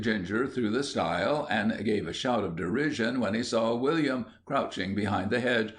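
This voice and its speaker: A man reading a children's audiobook aloud in a steady, measured narration. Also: on the low side. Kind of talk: scripted storybook narration.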